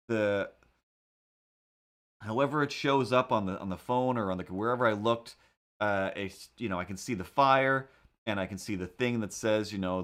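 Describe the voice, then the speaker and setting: A man's voice: fairly low pitch, fairly bright tone. Guy rambling on in a casual vlog, lots of restarts, keeps acting out what people said. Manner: rambling, restarts often, acts out quoted people. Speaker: comic artist and vlogger.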